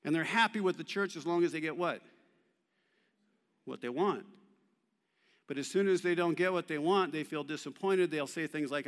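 A man's voice: a little high, moderate pace, pauses often. A man preaching a sermon to a congregation, asking them questions and having them answer back. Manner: call-and-response questions to the congregation. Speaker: pastor. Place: church hall. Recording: long hall reverb.

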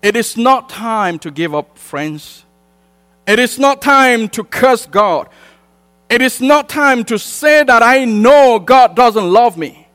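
A man with a high voice preaches to a congregation, building his points through repetition and pushing them out in emphatic surges. English is not his first language. His voice rings through a church hall with a long tail of reverb, and mains hum runs underneath. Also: animated, slow, fairly bright tone. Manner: emphatic, repetitive preaching cadence with rising bursts. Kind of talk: sermon.

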